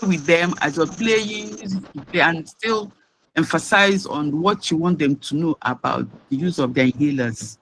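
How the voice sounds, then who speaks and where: A man gives a pharmacology lecture with a fairly high voice for a man. He delivers it haltingly, restarts now and then, and leans on key words. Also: a little hiss or hum, poor audio.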